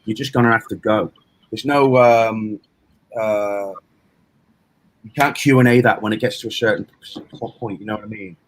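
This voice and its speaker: A man's voice: fairly low pitch, fairly even intonation, moderate pace, slight background noise, poor audio. A middle-aged man from England, a self-defense instructor, talking casually in a rambling, storytelling way with lots of restarts and fillers. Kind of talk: casual interview talk.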